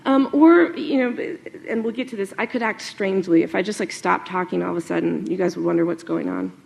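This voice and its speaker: A woman journalist giving a lively talk to an audience, animated, with many fillers and asides. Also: on the low side, brisk, creaky, slight background noise.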